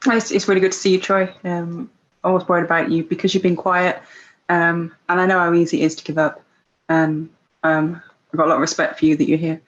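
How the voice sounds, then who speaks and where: A woman's voice: lowish voice, level tone, brisk, dull audio. A woman cast member speaking hesitantly and caringly to a teammate on a group call.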